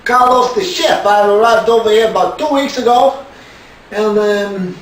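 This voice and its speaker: A man's voice: high voice, unhurried, slight background noise. A man playing a foul-mouthed, boastful male chef in a comedy sketch, recorded from far off in an echoey room. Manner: profane, swaggering brag.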